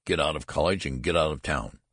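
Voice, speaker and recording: A man's voice: a bass voice, a little fast, fairly bright tone, no room sound, clean studio sound. A man reading the part of a stern, weary male college registrar who talks with scorn, in a storybook reading. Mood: scornful. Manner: scornful, blustering.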